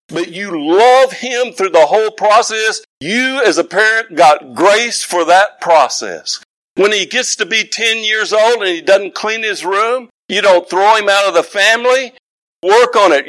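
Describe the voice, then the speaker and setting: A man's voice: high-pitched, bright, forceful tone, no echo, rough recording. An older man preaching a sermon as pastor, folksy and conversational, building to fervent emphasis.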